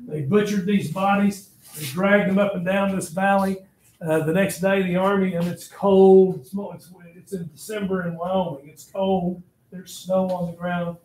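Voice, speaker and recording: High-voiced man teaching history dramatically. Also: moderate pace. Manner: animated, blunt, talks straight to students. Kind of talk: dramatic classroom storytelling. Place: classroom. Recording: echoey classroom, faint noise.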